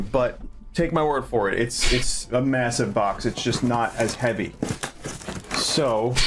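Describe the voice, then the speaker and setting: A man in a casual unboxing video, joking and reading product labels aloud in a deadpan way. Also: medium pitch. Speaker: video creator unboxing a package. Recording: video audio with music behind.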